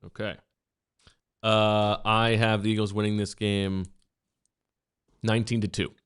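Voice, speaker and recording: Sports podcast guy doing the ad read and picks, smooth voice, joking around. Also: lowish voice, level tone, a little slow, a bit bright. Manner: jokey, reads sponsor spots and leads the segments. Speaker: podcast host. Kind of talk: casual sports podcast chat.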